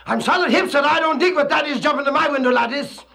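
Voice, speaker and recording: A man's voice: extremely high pitch, fast talker, vocal fry, pushed and bright. A man performing a comic poem recitation in hipster jive slang, with a theatrical, dramatic delivery.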